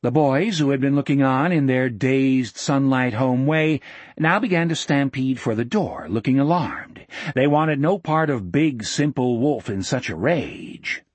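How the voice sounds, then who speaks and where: A man narrating a novel in a measured, dramatic storytelling manner on a close mic. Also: mid-range voice, expressive, dry recording. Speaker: audiobook narrator. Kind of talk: scripted narration.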